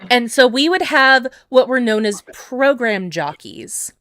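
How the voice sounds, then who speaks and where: Woman host from Canada, smooth mid voice, rambly, dry call audio. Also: a little high, animated, measured pace, sharp tone, no echo. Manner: rambling, many fillers. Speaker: podcast host. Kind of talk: casual chat over a call.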